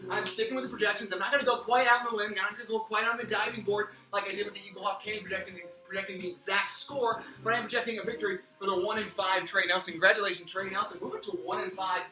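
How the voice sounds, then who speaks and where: A man's voice: high-pitched, steady tone, very fast, few pauses, pushed and bright. A man talks at speed through a mock sports-analyst preview, rambling off into pun tangents. His voice sounds a little worn, as if he is losing it. He is heard from some distance in a roomy space, with music playing behind him. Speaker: fantasy football league host.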